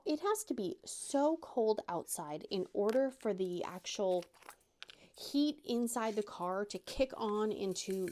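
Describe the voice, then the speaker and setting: A woman's voice: mid-range voice, warm tone. Chatty woman rambling while crafting. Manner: chatty, self-deprecating, rambling with many restarts. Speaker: crafting channel host.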